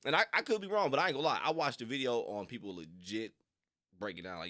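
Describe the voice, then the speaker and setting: A man's voice: medium pitch, expressive, fast, pushed and bright, no room sound, studio quality. A young man rambling casually on a livestream, full of slang and frequent laughter. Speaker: reaction streamer.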